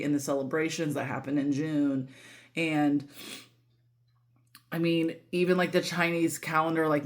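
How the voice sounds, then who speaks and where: Emotional, candid woman reading tarot. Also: sits low. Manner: emotional, candid, swears freely, lots of fillers. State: voice breaking with emotion. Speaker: tarot reader. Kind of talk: casual tarot reading monologue.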